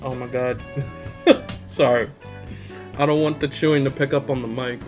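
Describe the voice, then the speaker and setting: A man's voice: medium pitch, steady tone, normal speed, over music. A man hosting a podcast, casually recapping an episode in slangy talk and laughing often. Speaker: podcast host.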